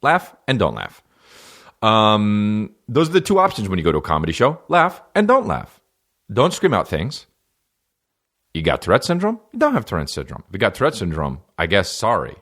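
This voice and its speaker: Rambling, profane comedian host. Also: male voice, fairly low pitch, huge pitch swings, moderate pace, fairly bright tone. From New Jersey. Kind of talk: casual comedy podcast monologue.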